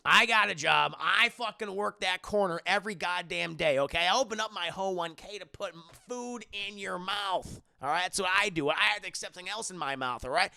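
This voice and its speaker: A man's voice: high voice, quick pace, creaky, few pauses, pushed and bright, clear, resonant tone, dry recording, exaggerated voice. A man voicing a crude, bitter young mother who scolds her son. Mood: scolding.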